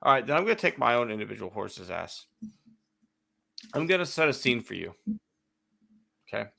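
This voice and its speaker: A man co-hosting a casual sports podcast, telling a long story in a profane, animated rant. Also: mid-range voice, normal speed, gravelly.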